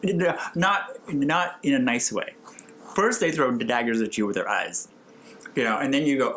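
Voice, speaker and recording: A man's voice: medium pitch, normal speed, fairly bright tone, slight background noise. A man from Texas with a Texan accent, co-hosting a podcast in a giggly, campy, rambling casual chat. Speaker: podcast co-host.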